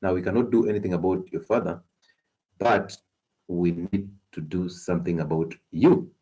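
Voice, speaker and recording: A man with a Kenyan accent hosting a health talk stream, animated and coaxing, laughing often as he gives advice. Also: sits low, normal speed, husky. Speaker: health show host.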